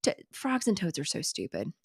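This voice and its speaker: A woman's voice: on the low side, huge pitch swings, normal speed, creaky, husky, dry recording, clean studio sound. Giggly woman host chatting on a stream. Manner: giggly, swears freely, chatty asides. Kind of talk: casual live-stream commentary.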